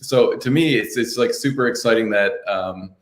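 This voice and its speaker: A man's voice: medium pitch, moderate pace. Male panelist, eager and chatty, heard with roomy echo. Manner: excited, lots of "like". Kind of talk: casual panel chat.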